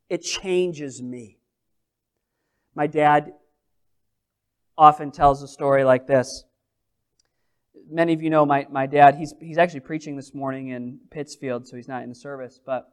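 Emphatic pastor preaching to a congregation. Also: male voice, sits high. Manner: emphatic, questioning the congregation with rising repeated phrases. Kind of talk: sermon. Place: church service.

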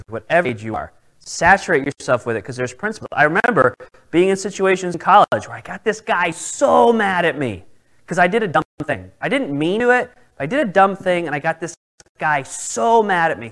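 A male pastor with a fairly high voice preaches a sermon over poor audio. He tells a personal story with animated delivery, acting out the quoted dialogue.

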